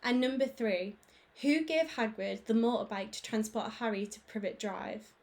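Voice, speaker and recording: Higher-pitched woman reading a storybook. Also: moderate pace. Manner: clear, expressive storytelling. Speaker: primary school teacher. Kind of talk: reading a children's book aloud.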